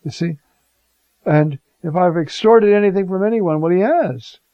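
High-voiced mellow man preaching a homily. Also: normal speed, no echo. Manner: animated, acts out the Gospel scene in voices. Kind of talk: conversational homily. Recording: dull, lo-fi recording.

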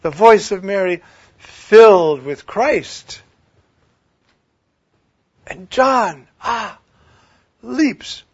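A man preaching a sermon, swinging from loud declaiming to hushed near-whispers. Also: high voice, animated, very slow, long pauses, breathy edge. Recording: dull lo-fi recording.

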